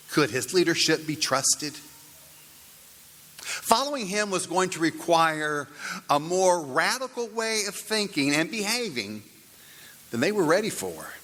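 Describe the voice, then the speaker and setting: A man delivering a sermon in a church, his bright, fairly high voice carrying a long reverb through the hall. He speaks slowly and deliberately, shaping each phrase like a storyteller. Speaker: pastor.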